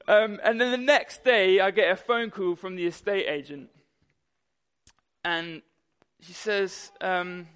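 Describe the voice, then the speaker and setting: A young man delivers a sermon. He tells a personal story with animation, acting out the people in it. His voice sits slightly high for a man. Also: measured pace, fairly bright tone, smooth. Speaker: pastor.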